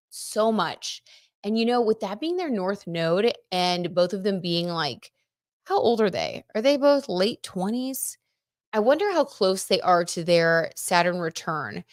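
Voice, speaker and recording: A woman's voice: medium pitch, no room sound, studio quality. A young woman hosting a casual livestream, chatting about astrology and celebrity gossip, reading viewer comments in a gushing, chatty way with lots of fillers. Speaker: livestream host reading chat.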